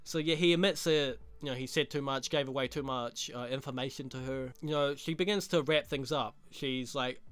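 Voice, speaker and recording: A man's voice: fairly high pitch, normal speed, few pauses, a bit bright, clear, resonant tone, dry recording. Young man ranting crudely. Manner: crude, laughing, rambling slang-heavy talk. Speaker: show reviewer. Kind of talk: casual recap commentary.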